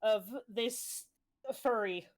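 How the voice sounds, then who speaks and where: A woman's voice: medium pitch, fairly even intonation, extremely slow. A woman streamer casually recapping a tabletop game session, swearing freely as she tells it. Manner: profane, breezy storytelling.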